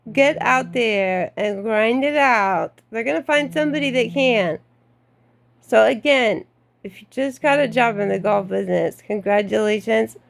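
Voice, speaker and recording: A woman's voice: medium pitch, creaky. A middle-aged woman giving blunt career advice in a vlog, outspoken and frank, with laughing asides. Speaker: golf club membership adviser.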